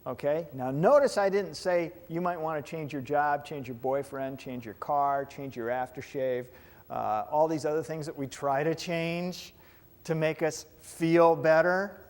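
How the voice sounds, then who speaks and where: A man with a slightly higher than average voice lectures a class of students. His delivery is loose and conversational, and he often stops to ask the room whether they follow. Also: steady tone, unhurried. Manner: conversational, asks the class questions. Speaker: hypnotherapy lecturer.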